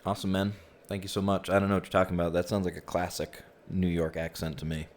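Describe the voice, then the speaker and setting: Greeting people into a virtual room, this fast-talking VR group session host has a deep, low voice and a relaxed, chatty style. He's casual, peppering his speech with frequent "you know" and "um," and he sounds close, as if on a headset microphone.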